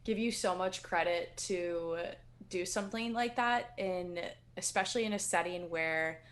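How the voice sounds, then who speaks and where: Young woman guest on a podcast, chatty, animated, swears a bit, laughs a lot. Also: lowish voice, unhurried. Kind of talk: casual chat.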